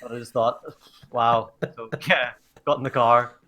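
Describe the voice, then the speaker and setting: English guy cohosting a podcast, animated storyteller, laughs a lot. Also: mid-range voice, unhurried. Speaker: podcast co-host. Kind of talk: casual chat.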